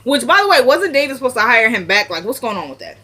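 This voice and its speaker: A woman's voice: on the high side, big pitch swings, fast talker, sharp tone. A woman casually recapping a TV episode to her camera. She retells scenes by slipping into the characters' lines. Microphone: self-recorded camera.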